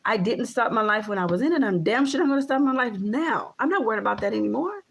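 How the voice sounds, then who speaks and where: A woman in her thirties vents to the camera in a casual vlog. Her voice sits fairly high, and she talks emphatically, circling back over the same points with plenty of profanity. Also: animated, fast, creaky, slightly rough. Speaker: vlogger.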